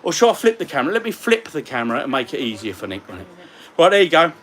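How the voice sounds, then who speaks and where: This matey man in his 40s, a retro gaming vlogger, holds a casual livestream chat from his games room, reading viewer comments aloud. Fairly high and bright, his voice moves fast and swings up and down, while a distant mic picks up faint ambient hiss.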